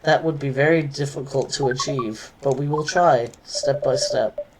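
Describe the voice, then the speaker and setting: A man's voice: mid-range voice, moderate pace, lightly acted. A man voicing an overly formal alien newcomer who is learning how people talk. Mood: earnest. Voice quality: stiff, formal phrasing. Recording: noisy background.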